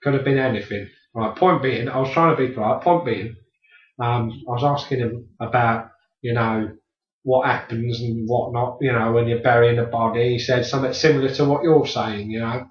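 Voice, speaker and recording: A man's voice: medium pitch, fairly even intonation, moderate pace, roomy sound, distant mic. A blustering man riffs through an improvised comedy sketch, sounding set back from the mic. The room rings around his voice. The recording is dull and lo-fi, like an old demo tape. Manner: blustering pub-bloke banter, heavy swearing.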